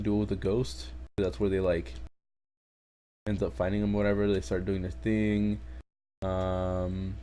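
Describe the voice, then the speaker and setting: A man's voice: low voice, little pitch movement, unhurried, pauses often, warm tone, slight background noise. A man recapping anime episodes in a casual, rambling way, swearing often and trailing into asides. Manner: rambling, profane, full of fillers and asides. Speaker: anime reviewer.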